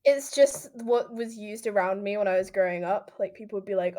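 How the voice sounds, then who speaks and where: A young woman with a British accent chats casually on a gaming stream, telling anecdotes in a mid-pitched, everyday voice. She leans on "like" as a filler. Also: a little fast, hardly any pauses, warm tone. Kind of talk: casual chat.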